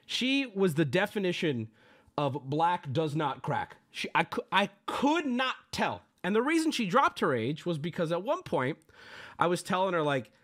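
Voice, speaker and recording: A man streaming and telling his chat a story in a loose, profane way. His fairly high voice rises and falls a lot, and he keeps tripping over his own words and restarting. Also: moderate pace. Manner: animated, profane, self-interrupting.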